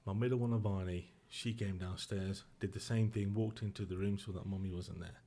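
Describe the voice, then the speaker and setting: Subdued low-voiced man. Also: steady tone, dark tone. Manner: subdued, emotional, halting with restarts. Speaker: podcast guest. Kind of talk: personal storytelling.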